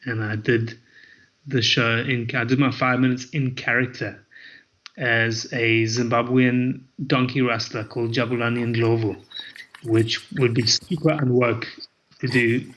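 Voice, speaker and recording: Bright-voiced comedian. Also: male voice, medium pitch, little pitch movement, unhurried. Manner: rambling, self-correcting storytelling. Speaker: comedian guest. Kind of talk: casual interview chat.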